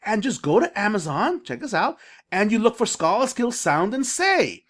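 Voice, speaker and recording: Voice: mid-range voice, very animated, fairly bright tone. An eager reading coach drawing out syllables. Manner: enthusiastic, emphatic, stretches out syllables slowly; coaxing, asks listeners direct questions. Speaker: reading coach teaching parents. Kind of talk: screen-share phonics lesson for parents.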